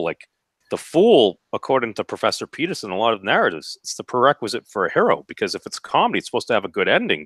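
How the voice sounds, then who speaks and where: A man's voice: fairly low pitch, no echo, studio quality. A man rambling animatedly as a panelist on an online video call. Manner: rambling, animated, says frickin'. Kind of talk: casual banter in an online hangout.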